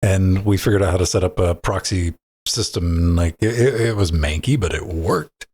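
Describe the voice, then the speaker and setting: A man with a low, husky voice talks on a gaming podcast. He rambles in loose banter, restarts his sentences and swears without a second thought. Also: normal speed, darkish tone. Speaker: podcast co-host.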